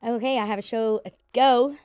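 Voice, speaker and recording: A woman's voice: on the high side, steady tone, moderate pace, a little mellow, smooth, dry recording, studio quality. A woman comedian with an Oklahoma accent chatting casually on a podcast, laughing often and sometimes dropping to a near whisper. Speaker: comedian guest.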